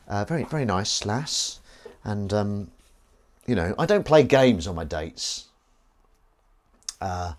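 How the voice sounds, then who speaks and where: A man's voice: deep voice, a little mellow. A man hosting a live stream, chatting playfully and rambling with silly asides while washing up. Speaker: streamer host.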